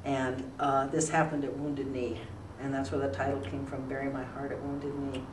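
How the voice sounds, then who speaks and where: A woman's voice: extremely low pitch, level tone, moderate pace. An older woman talking as a retired newspaper columnist in an interview, telling rambling stories with plenty of fillers. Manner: rambling, warm anecdotes with many fillers. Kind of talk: relaxed storytelling in an interview. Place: school room. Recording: roomy, distant mic with faint noise.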